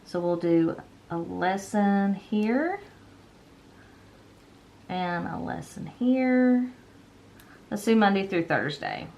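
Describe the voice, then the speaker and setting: A woman's voice: mid-range voice, lively intonation, slow, long pauses, darkish tone, a little hiss or hum. A woman in her thirties chatting casually while decorating a planner, rambling with lots of ums and self-corrections, a little tired. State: yawning, a bit tired. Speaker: planner vlogger.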